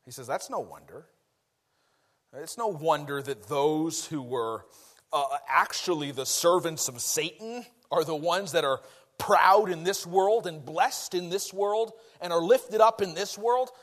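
A man preaching a conversational, folksy sermon, self-deprecating and quick to laugh. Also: fairly high pitch, fairly bright tone.

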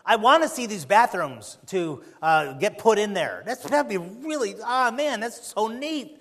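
A man's voice: sits high, animated, unhurried. A man preaching a sermon as pastor, pressing the congregation with repeated rhetorical questions.

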